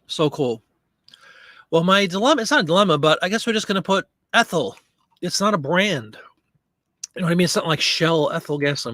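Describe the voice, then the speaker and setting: A man's voice: sits high, animated, brisk, pushed and bright, dry recording, clean studio sound. A man hosting a live listing stream, chatting casually and answering viewer comments while he works. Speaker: live stream host listing items for sale.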